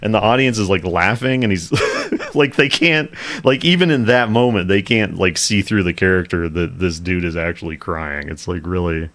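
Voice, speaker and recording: A man's voice: sits low, moderate pace, fairly bright tone. A man co-hosting a podcast in casual chat, rambling and laughing a lot as he talks. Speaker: podcast co-host.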